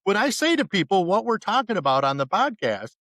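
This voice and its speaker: A man's voice: high-pitched, very animated, a little fast, a bit bright, dry recording. A man co-hosting a podcast in casual chat, making wry points by arguing both sides of a question. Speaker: podcast co-host.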